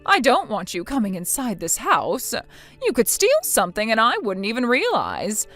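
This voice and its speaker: A synthetic woman's voice playing a spiteful, bossy older mother-in-law in a text-chat story, scolding with contempt and a lively pitch. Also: normal speed, faint music behind, heavily acted. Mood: scornful.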